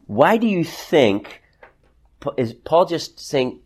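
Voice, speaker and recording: In a church classroom, a man teaches an interactive Bible study to a small group. His voice is fairly high, husky and sing-song, and he speaks slowly, conversationally, frequently restarting sentences and asking the class questions.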